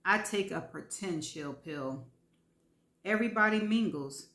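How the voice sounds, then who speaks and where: Female host reading her story, low-pitched, candid and wry, roomy sound. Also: expressive, a little slow, a bit bright. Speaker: host and reader. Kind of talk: first-person story reading. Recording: roomy echo.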